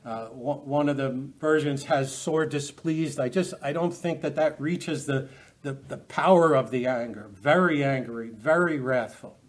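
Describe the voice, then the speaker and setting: A man's voice: mid-range voice, a little slow. A man teaching a Bible study lecture, earnest and emphatic, often restarting his phrases.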